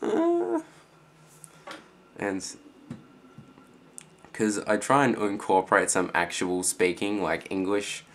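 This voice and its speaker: A teenage boy with an Australian accent, rambling casually in a vlog reply with lots of fillers and quiet trailing-off phrases. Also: lowish voice, sing-song, takes it slowly, long pauses. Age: teens. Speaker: student vlogger.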